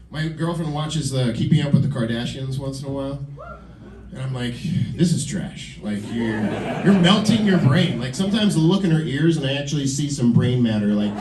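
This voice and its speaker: A man in his forties works a comedy club stage, rambling through self-deprecating bits and chatting with the crowd. His voice sits high for a man, and it is heard from a distance in a roomy, echoing room. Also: background noise. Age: 40s. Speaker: stand-up comedian. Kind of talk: stand-up comedy set.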